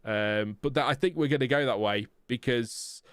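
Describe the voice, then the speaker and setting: A man's voice: medium pitch, moderate pace, fairly bright tone, clear, resonant tone, no echo, studio quality. A man hosting a live motorsport watchalong stream, chatting casually and then reeling off lap times. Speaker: livestream host.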